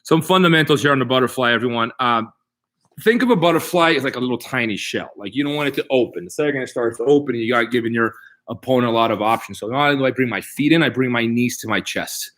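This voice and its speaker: A middle-aged jiu-jitsu instructor teaches a live online martial arts class, walking through techniques step by step as he demonstrates and repeating key points with "right?". He speaks fast in a medium-pitched, slightly bright voice.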